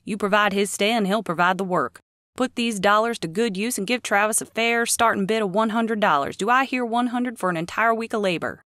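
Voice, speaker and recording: Woman performs booming male auctioneer, drawn-out bid calls, dry read. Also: a bit bright, dry recording, natural voice. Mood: hearty, calling bids. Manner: booming, drawn-out calling of bids.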